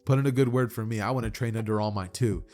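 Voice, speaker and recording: A man's voice: fairly low pitch, steady tone, quick pace, darkish tone, natural voice. A man voicing a laid-back teenage boy in a fan story, talking casually in slang.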